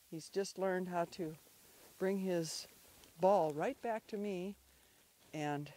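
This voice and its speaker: A woman who owns alpacas and a dog, narrating a casual video in a relaxed, chatty way with small restarts. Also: mid-range voice.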